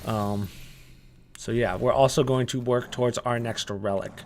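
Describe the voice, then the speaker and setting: A young man giving casual gameplay walkthrough commentary, relaxed and chatty, with frequent "uh" and "um" as he explains each step. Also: medium pitch, normal speed, slight background noise. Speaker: gaming guide creator.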